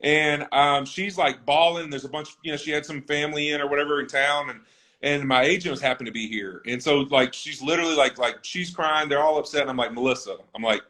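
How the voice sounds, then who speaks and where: A man's voice: on the high side, brisk, bright, forceful tone. A man in his thirties, a football player being interviewed, talking in an earnest, reflective way about his own story. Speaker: NFL offensive lineman, guest. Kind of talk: conversational interview.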